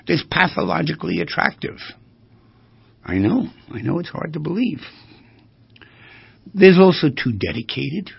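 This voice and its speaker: A man speaking as a therapist in a lecture-style monologue, animated and full of rhetorical questions, with a gravelly, husky voice. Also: on the high side, unhurried, pauses often. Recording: dull lo-fi recording.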